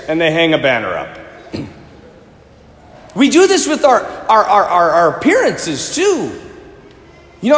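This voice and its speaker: A man in his thirties preaching a sermon, animated, swinging from shouting to hushed. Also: high-pitched, measured pace, creaky, long pauses. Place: large church. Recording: echoey church, long reverb, faint ambience.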